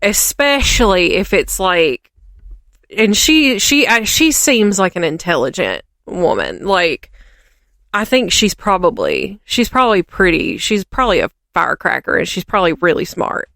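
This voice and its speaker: A woman's voice: lowish voice, sing-song, a little slow, gravelly, a bit bright, no room sound, studio quality. A woman co-hosting a podcast, rambling and ranting in casual chat with lots of fillers. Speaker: podcast co-host.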